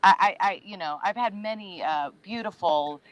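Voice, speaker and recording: A woman's voice: mid-range voice, normal speed, highs cut off. A woman actor on a panel, talking emphatically with laughs and restarts over a video call from a moving RV. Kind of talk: casual panel chat. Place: inside a moving RV.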